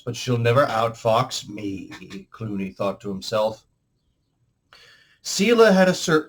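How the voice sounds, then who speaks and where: Expressive man reading a story aloud. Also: medium pitch. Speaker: host reading a book aloud. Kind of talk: storybook read-aloud narration.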